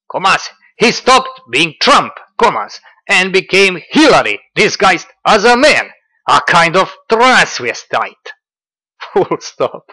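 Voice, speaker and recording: A man reading out quotes as a pompous male ideologue, declaiming slowly and loudly. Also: fairly high pitch, dry recording, voice pushed up, heavily acted. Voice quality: declamatory, slow and loud.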